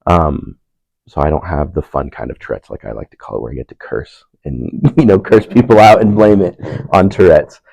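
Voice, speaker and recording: A young man telling a personal story in a casual panel talk, relaxed and laughing, animated when quoting people. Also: rumbling low, moderate pace, creaky, slightly rough, no room sound, low-quality recording. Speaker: panel speaker.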